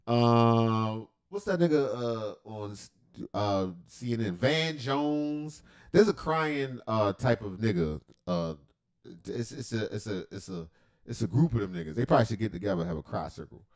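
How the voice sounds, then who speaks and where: A man's voice: medium pitch, animated, moderate pace, darkish tone. A man hosting a livestream reaction, talking in a rambling, profane, joking way with lots of asides. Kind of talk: casual reaction commentary.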